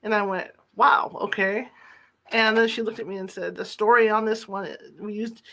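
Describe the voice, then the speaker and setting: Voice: medium pitch, fairly even intonation, normal speed, sharp tone. A podcast host casually telling a personal story from reporting days, acting out the dialogue in quotes. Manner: chatty, retells dialogue in quotes. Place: lives in the Sacramento area.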